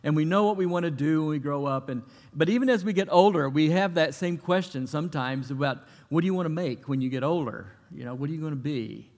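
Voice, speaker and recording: Folksy pastor in a reverberant hall. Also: male voice, a little high, quick pace, few pauses, darkish tone. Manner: folksy, conversational, with many restarts. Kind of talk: sermon with prayer and storytelling. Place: church.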